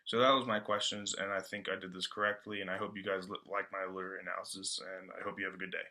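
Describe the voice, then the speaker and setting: A man talks through a book report in a loose, offhand style, packed with fillers. His voice is lowish but bright and forceful. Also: flat delivery, racing. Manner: loose, slangy, full of fillers. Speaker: student presenter. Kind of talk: casual book-report talk.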